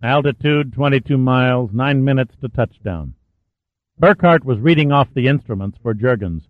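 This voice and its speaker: A man narrates a scripted audiobook in a steady, dramatic manner. The sound is thin and phone-like, with a dry sound. His voice sits in a middle register. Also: mid-range voice, moderate pace, no echo.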